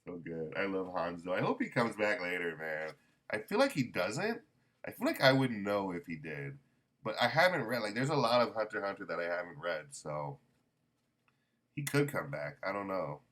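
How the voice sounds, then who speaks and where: A man's voice: low voice, very animated, moderate pace, a bit bright. A man casually reviewing a manga volume, rambling with many ums and self-corrections.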